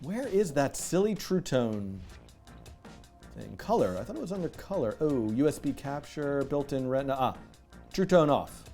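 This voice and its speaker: A man hosting a live coding stream, chatting casually, animated and self-mocking, laughing often. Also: mid-range voice, normal speed, faint music behind. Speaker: livestream coding host. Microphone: headset with music in his ear.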